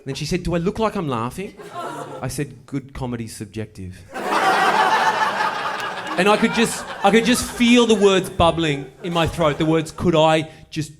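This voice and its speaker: A man's voice: a little high, normal speed. Wry man telling a story on stage. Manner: wry, deadpan delivery with playful asides. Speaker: stand-up comedian. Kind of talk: stand-up storytelling. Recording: live show with audible noise. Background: audience laughter.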